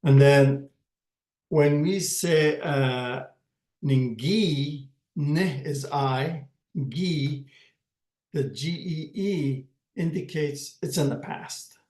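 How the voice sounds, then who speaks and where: A man teaching a language lesson in a slow, patient way, repeating each word and checking in with "okay" as he goes. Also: on the high side, a little mellow, echoey room.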